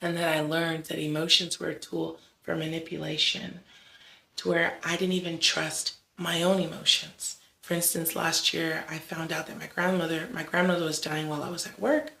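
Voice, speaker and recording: A faith vlog host talking casually to viewers with a gravelly, fry-edged tone and a mid-range pitch. The delivery is conversational, peppered with "like" and "right?". The voice carries a noticeable room echo. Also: little pitch movement, moderate pace, pushed and bright. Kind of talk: casual devotional talk. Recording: roomy echo.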